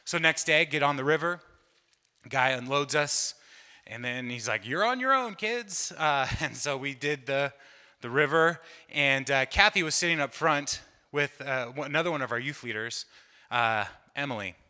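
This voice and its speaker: Bright-voiced comedian in a reverberant hall. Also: male voice, medium pitch, normal speed, smooth. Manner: chatty, self-mocking, builds to loud bursts. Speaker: stand-up comedian. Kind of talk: stand-up storytelling. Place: church hall. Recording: live room with long reverb.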